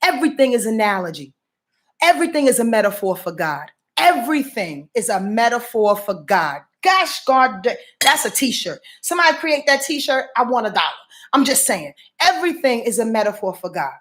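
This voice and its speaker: Late-40s New woman, high-pitched, emphatic profane astrologer with a repetitive preacher's cadence. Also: very animated, normal speed, a bit bright. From New York. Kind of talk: casual weekly astrology rundown.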